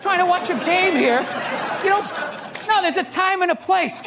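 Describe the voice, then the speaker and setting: A man's voice: very high voice, moderate pace, a crowd in the background. A man ranting comically and with exasperation as a talk show guest. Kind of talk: comic rant. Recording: noisy studio with loud audience.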